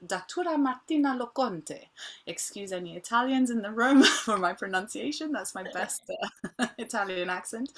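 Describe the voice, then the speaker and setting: A woman's voice: medium pitch, fairly bright tone. A woman hosting a live online song session over a video call, gracious, upbeat and chatty. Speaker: host.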